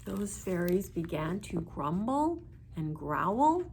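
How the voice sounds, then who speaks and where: A woman librarian reading a children's story aloud with playful, expressive sound words. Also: mid-range voice, a little slow, slight background noise.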